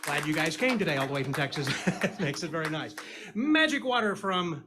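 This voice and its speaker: Brief: male stage magician, slightly high voice, corny punning patter, teasing the crowd live. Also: fast talker. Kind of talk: comedy magic act with audience banter. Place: live stage before an audience.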